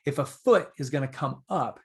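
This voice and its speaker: A man guesting on a podcast, telling stories in a casual, animated and earnest way. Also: medium pitch, normal speed. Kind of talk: casual storytelling.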